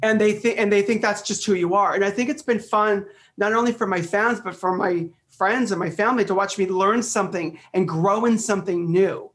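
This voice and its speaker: A middle-aged man chatting as an interview guest, animated and storytelling, often repeating phrases, heard over a video call. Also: high-pitched, fairly quick, hardly any pauses. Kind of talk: casual interview chat.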